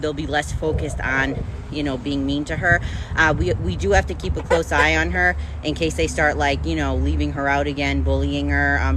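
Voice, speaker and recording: A woman chatting casually to the camera as a farm vlogger, full of fillers while she does her chores outdoors. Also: low voice. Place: outdoors at a chicken coop. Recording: outdoor noise behind the voice.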